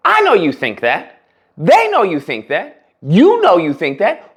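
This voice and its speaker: A man hosting a casual reaction commentary, talking in an animated, mocking way and breaking into laughter. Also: high voice, normal speed. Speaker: commentary channel host.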